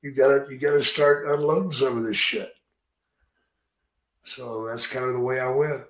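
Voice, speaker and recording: A man's voice: mid-range voice, flat delivery, moderate pace, fairly bright tone. A man hosting a podcast in a casual interview, talking bluntly and swearing freely with strong opinions. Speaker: podcast host. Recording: roomy echo.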